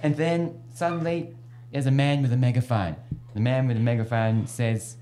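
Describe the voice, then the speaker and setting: A man's voice: mid-range voice, fairly even intonation, normal speed, mellow. A man hosting a radio show, telling jokes in a playful, giggly way. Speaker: radio host. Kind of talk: casual radio chat and joke telling.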